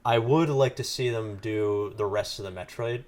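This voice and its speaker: A man's voice: fairly low pitch, moderate pace, a little mellow. A young man co-hosting a gaming podcast in casual chat, rambling with many fillers and restarts. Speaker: podcast co-host.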